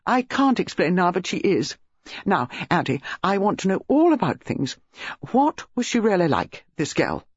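A man's voice: sits high, huge pitch swings, moderate pace, breathy edge, dry recording, pitched above the performer's own voice, heavily acted. A man voicing a direct, zestful older woman who speaks eagerly and impatiently in a dull lo-fi recording.

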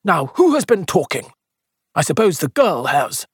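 A woman's voice: low voice, big pitch swings, normal speed, husky, dry recording, studio quality, exaggerated voice. A woman reader voicing a self-important, gossiping older spinster who disapproves of her neighbours. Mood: gossipy, self-important.

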